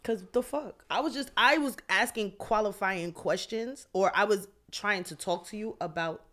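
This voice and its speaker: Woman podcast co-host: animated, profane storyteller, mid-pitched voice. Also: normal speed. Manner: animated, swearing, quotes her own texts. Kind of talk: casual chat, storytelling.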